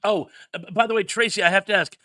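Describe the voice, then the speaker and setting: A man telling anecdotes in a relaxed group chat. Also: sits high, quick pace, no echo, studio quality. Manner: chatty, fond of anecdotes. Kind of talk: casual chat.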